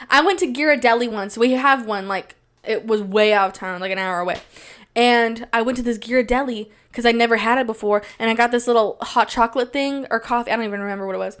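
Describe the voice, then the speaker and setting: Slightly high, self-mocking young woman. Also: brisk, fairly bright tone. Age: young adult. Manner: self-deprecating, rambling, with big jumps in pitch when quoting. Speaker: podcast host. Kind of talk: casual storytelling monologue.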